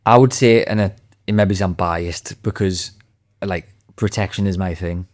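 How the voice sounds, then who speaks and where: A man's voice: low-pitched, steady tone, a little slow, a little mellow, no room sound, clean studio sound. A man speaking as a podcast guest, confident and emphatic in easy conversation. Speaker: podcast guest, sales trainer. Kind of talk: podcast interview.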